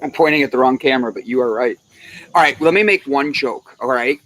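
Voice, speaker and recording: A co-host in casual chat who tells jokes and stories in an animated way, laughing often. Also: medium pitch, fairly quick. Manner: animated, joking storyteller with big laughs.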